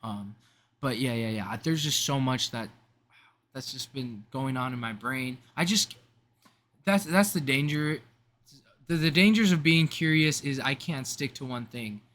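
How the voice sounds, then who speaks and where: Bright-voiced young man rambling in a vlog. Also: medium pitch, a little slow. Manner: rambling, self-interrupting, slangy. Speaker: vlogger. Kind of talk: casual rambling vlog monologue.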